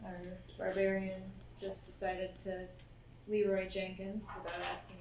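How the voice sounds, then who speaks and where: A woman's voice: mid-range voice, monotone, unhurried, a little mellow. A woman casually recapping a tabletop game session, hesitant and full of "like". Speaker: player. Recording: roomy, distant mic, faint background noise.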